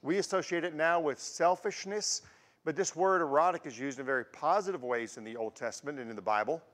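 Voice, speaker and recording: A man in his sixties preaches in a relaxed, storytelling way, drawing on his own life to make each point. His voice sits a little high for a man. The sound rings with the long reverb of a church hall. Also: brisk. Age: 60s. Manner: warm storytelling with personal anecdotes. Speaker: guest preacher. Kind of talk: conversational sermon. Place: church sanctuary.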